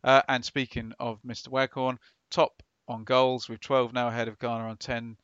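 A man co-hosting a casual football podcast, reading out stats in quick lists. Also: medium pitch, flat delivery, a bit bright, smooth, no echo. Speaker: podcast co-host. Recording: dull lo-fi dry recording.

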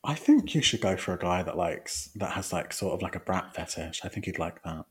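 Lively low-voiced man chatting. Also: a little fast, breathy edge. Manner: chatty, laughing, swearing. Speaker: podcast co-host. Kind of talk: casual chat.

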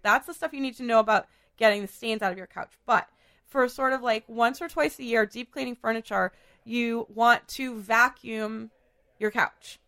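Chatty podcast lady, kinda hoarse from a cold, bright higher voice, lots of ums. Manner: chatty, filler-heavy, laughs often. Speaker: podcast host. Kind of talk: casual chat.

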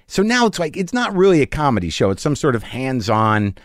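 Animated storytelling man, rapid restarts. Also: medium pitch, no echo. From rural Missouri, United States. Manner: animated, acts out the people in his stories; rapid, with many restarts and repeated words. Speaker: comedian guest. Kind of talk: casual storytelling in a podcast interview.

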